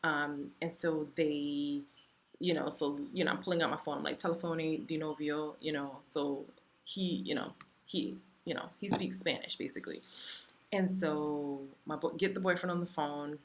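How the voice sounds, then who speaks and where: A woman vlogger casually retelling a personal story in a chatty, animated way, full of "you know" and "like". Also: low-pitched, normal speed, a little hiss or hum.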